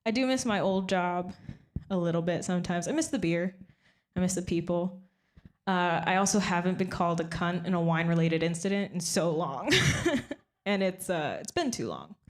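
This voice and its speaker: A young woman performing a stand-up comedy set, deadpan and self-mocking, often breaking into little laughs. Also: fairly low pitch, moderate pace.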